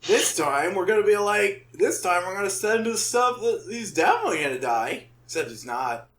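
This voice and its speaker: Animated high-voiced man ranting. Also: normal speed. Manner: animated, exasperated ranting, swears freely. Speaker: podcast co-host. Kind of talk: casual podcast chat.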